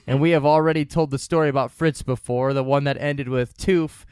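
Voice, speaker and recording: Smooth-voiced man hosting a podcast. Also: medium pitch, fairly even intonation, fairly quick, darkish tone, no room sound, clean studio sound. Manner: joking, laughs at his own lines. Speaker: podcast host presenting the case. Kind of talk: casual comedy podcast banter.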